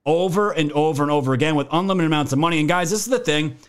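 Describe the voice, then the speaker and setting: A man's voice: fairly high pitch, racing, clean tone. A man hosting a political commentary video, ranting in a heated, profane way and calling his viewers fam.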